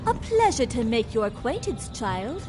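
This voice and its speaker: A woman's voice: on the high side, sing-song, moderate pace, over music. An actress voicing a fussy, self-important society lady in a video game, affected, exclaiming and condescending.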